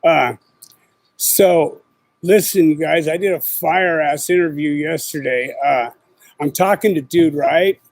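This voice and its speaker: Heard on a poor-quality recording with no echo, this middle-aged podcast host has a voice on the high side and a measured pace. In a casual livestream chat on his own show, he rambles along in profane street slang, leaning heavily on filler words.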